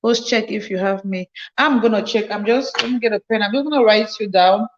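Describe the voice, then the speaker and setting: Tired from working a night shift, this livestream host chats casually into her phone, greeting and thanking each new viewer again and again. Her mid-range voice moves fairly quickly, and the recording has clipped highs and some background noise.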